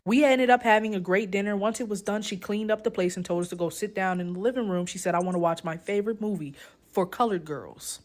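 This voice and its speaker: A woman calling in to a podcast, telling a comic story in a steady, deadpan way. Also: mid-range voice, fast talker. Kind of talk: reading a comic story aloud.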